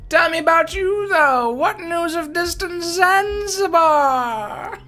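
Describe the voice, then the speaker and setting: A game player voicing a hearty, stout older male professor who talks loudly and cheerfully. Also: animated, slow, heavily acted. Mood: jovial. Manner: booming, shouted, cheerful. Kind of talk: video game voice acting, read aloud.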